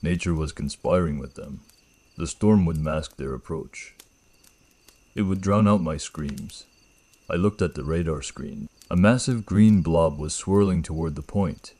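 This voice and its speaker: A man narrating a first-person horror story in a grave, measured way. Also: extremely low pitch, warm tone.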